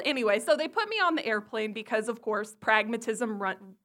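A woman telling a funny personal story to listeners, animated and swearing freely. Her voice sits fairly high for a woman. The tone is bright and clear. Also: normal speed, hardly any pauses.

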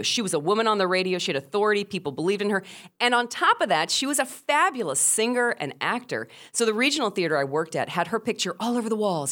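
A middle-aged woman, a former radio host, telling a first-person story with animated, emphatic delivery. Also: fairly high pitch.

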